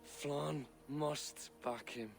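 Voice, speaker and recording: A dying warrior, slow and proud. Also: male voice, a little high, gravelly, over music, full character voice. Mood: fading, proud. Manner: slow, weak, resigned. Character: dying loyal male warrior cousin, proud.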